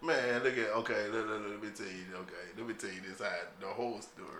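A man's voice: on the low side, fairly even intonation, quick pace, sharp tone. A man telling a family story in casual, profane chat, laid-back and full of slang. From Louisiana. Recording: echoey room with faint background noise.

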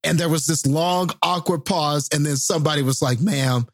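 A relaxed man recounting a funny story on a podcast, his voice a little husky. He hesitates with ums and laughs as he tells it. The recording is close and dry. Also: on the high side, a little fast, dry recording. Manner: laid-back, hesitant with fillers, laughs while telling. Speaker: podcast co-host. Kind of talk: casual storytelling chat.

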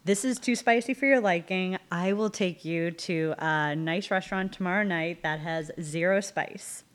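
A woman's voice: on the low side, moderate pace. Easygoing woman in an improv scene. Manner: easygoing, playfully teasing. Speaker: improv performer.

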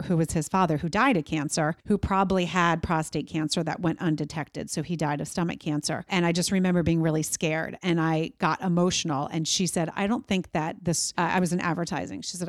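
Middle-aged woman host, lowish voice, rambling and heartfelt, dry close sound. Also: no room sound. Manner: rambling, many restarts, heartfelt. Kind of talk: casual interview chat.

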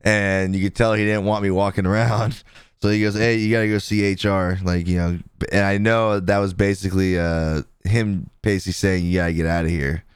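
A man's voice: low-pitched, little pitch movement, a little fast, clean tone, dry recording, studio quality. A man in his thirties, a podcast co-host, telling a long personal story in casual chat and laughing often as he goes. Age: 30s.

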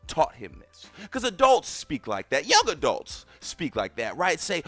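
Man in his thirties, podcast host, storytelling monologue, higher voice, very lively intonation. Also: a little slow, no echo, soft background music. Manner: animated, keeps addressing listeners directly.

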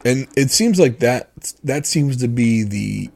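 Gravelly husky man chatting on a podcast. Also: mid-range voice, lively intonation, takes it slowly, darkish tone. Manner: explanatory, opinionated, hesitant with fillers. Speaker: podcast co-host. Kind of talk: casual chat.

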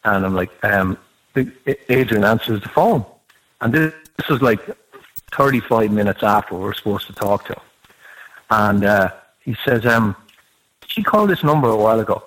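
A man's voice: on the low side, moderate pace, rough recording. A man telling a rambling anecdote in a casual podcast chat, swearing freely as he goes. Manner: swears freely, animated storytelling.

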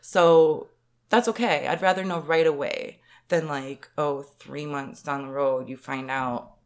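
Low-voiced woman, blunt and sure of herself, just chatting. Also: fairly even intonation, a little slow. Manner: frank and self-assured. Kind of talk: candid conversation.

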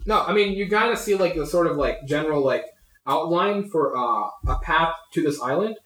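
A young man running a tabletop game as game master, narrating in a halting way full of fillers and laughing often. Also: a little high, animated, fairly bright tone. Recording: echoey room.

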